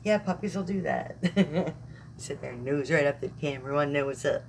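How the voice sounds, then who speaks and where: A woman's voice: sits low, fairly quick, vocal fry, slight background noise. A young woman vlogger chatting casually on a live stream, rambling and laughing often.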